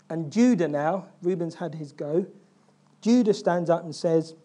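A man preaching to his congregation in a warm, mellow voice. He tells the story with energy, slipping into the characters' lines and putting questions to the room. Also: fairly high pitch, a little slow. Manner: animated storytelling, acting out biblical figures' lines. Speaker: pastor. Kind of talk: sermon.

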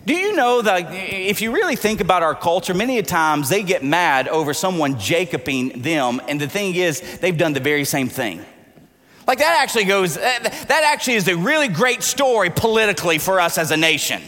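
A man in his forties preaching a sermon, telling animated, jokey stories and acting out the dialogue. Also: high-pitched. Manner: animated, jokey storyteller who acts out dialogue. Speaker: pastor. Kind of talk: sermon with personal storytelling. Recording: long hall reverb.

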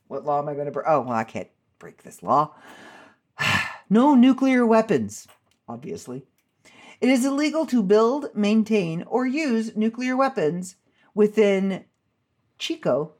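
A woman hosts a casual chat, reading out strange laws and breaking off into amused asides. Her voice swings widely in pitch as she goes. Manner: chatty, amused, self-interrupting asides. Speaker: host.

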